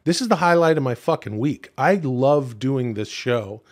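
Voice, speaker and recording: Man from Canada, podcast co-host, lively and profane, mid-pitched voice, restarts a lot. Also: moderate pace. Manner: animated, profane, with many restarts. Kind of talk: casual chat.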